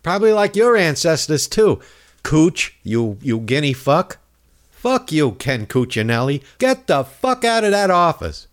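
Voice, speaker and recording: Brief: male comic ranter, swings his pitch widely, angry and crude, rambling with lots of uh's. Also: sing-song, a little slow. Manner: angry, insulting, rambling with many fillers. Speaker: comedic ranter. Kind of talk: profane political rant.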